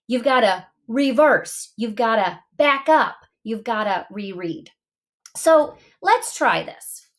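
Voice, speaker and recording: A woman's voice: on the high side, lively intonation, slow. A middle-aged woman teaching a lesson to young students, encouraging and speaking directly to the children.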